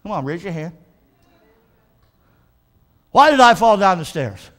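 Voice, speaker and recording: A male pastor with a notably high voice preaches to his congregation in a church. He talks emphatically and keeps calling for answers from the pews. He slows right down to stress each line of scripture. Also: sing-song, fairly bright tone. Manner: emphatic, call-and-response with the congregation. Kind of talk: sermon.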